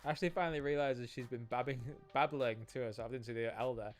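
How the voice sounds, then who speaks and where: A man's voice: mid-range voice, quick pace, faint music behind. A man commenting on a video game he plays with a friend, joking and laughing often. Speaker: streamer. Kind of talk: let's-play commentary.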